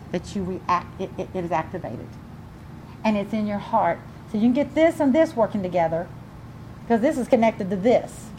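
A woman's voice: high voice, darkish tone, slight background noise. An older woman, a grandmother, preaching a fervent sermon and telling a family story to her congregation. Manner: fervent, preaching with rising emphasis. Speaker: pastor.

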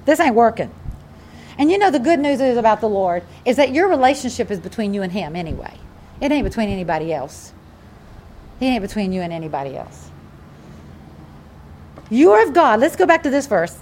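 A woman preaching a sermon in an animated, emphatic way, often repeating her phrases. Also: fairly high pitch, slight background noise.

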